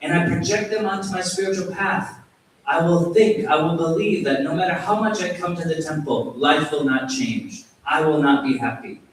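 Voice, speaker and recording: A man, a yoga teacher, giving a temple talk as an animated, self-deprecating storyteller, recorded in a very echoey hall from a distant mic with faint hiss. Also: a little high, moderate pace. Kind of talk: sermon with storytelling.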